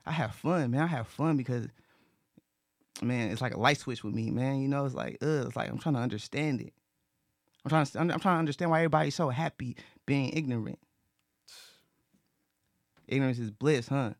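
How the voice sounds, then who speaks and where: Gravelly man talking earnestly, dry room. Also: medium pitch, a little fast, pauses often, no room sound. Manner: earnest, repetitive, with frequent restarts and profanity. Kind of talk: casual talk.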